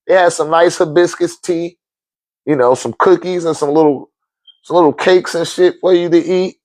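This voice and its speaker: A man in his forties or older telling a story casually, swearing often, laughing, and acting out quotes in sudden high outbursts. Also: normal speed, dry recording. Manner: profane, animated, laughs often. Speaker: podcast host telling a story.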